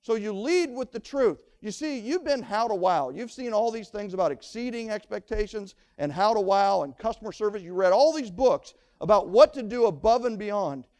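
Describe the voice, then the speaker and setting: High-voiced energetic male seminar speaker. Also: normal speed, few pauses. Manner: energetic, fires rhetorical questions at the audience; punchy short phrases, repeats for emphasis. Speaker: motivational speaker at a real estate seminar. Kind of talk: live seminar talk to an audience.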